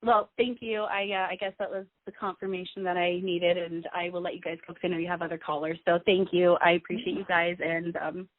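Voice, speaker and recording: A woman calling in to a radio show, talking in an excited, rambling way with many restarts. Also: on the low side, brisk, few pauses. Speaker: caller. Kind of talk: call-in radio chat. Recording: tinny phone line.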